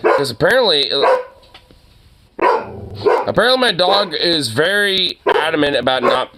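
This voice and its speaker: A man's voice: on the high side, lively intonation, measured pace, background noise. A young man chatting casually to the camera and his dog, loose and profane, laughing often and full of fillers. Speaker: dog owner vlogger.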